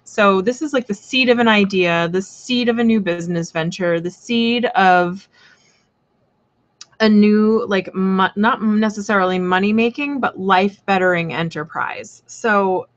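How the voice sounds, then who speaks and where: A woman's voice: medium pitch, unhurried, dull audio. A woman hosting a live tarot reading stream, talking in a chatty, rambling way with lots of fillers, blunt and playful. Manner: blunt and playful, swears casually.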